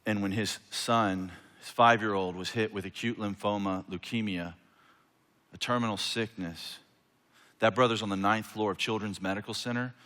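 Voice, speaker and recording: A man preaching a sermon, swinging between loud emphatic passages and quiet, intimate ones. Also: fairly low pitch, steady tone, normal speed. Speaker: pastor. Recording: long hall reverb.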